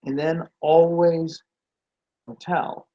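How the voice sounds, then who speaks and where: A man's voice: a little high, flat delivery, drawn-out words, warm tone, dull audio. A man giving a motivational talk on branding and sales, asking the listener rhetorical questions and acting out quoted reactions. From Nordic.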